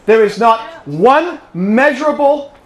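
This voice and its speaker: A man's voice: very high voice, lively intonation, slow pace. An English-born man with a British accent giving a political speech to a club audience, telling stories and quizzing the crowd. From England. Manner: storytelling, rallying, quizzes the audience. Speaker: guest speaker. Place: private home, live audience. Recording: echoey room.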